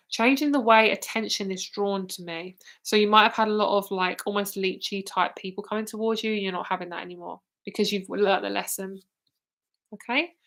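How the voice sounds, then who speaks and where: Here is a chatty woman reading tarot live, blunt and quick to laugh. She sounds tired and keeps yawning between cards, yet stays eager. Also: mid-range voice, gravelly, fairly bright tone. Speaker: tarot reader.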